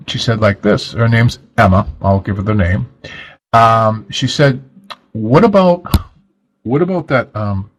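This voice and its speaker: A man's voice: lowish voice, a bit bright, rough recording. A man hosting a casual radio talk show, rambling and self-deprecating with lots of fillers and restarts.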